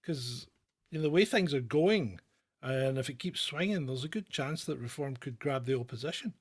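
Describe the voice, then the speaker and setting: A man's voice: medium pitch, animated, moderate pace, husky. A man hosting a live political show, chatting casually with many fillers and restarts.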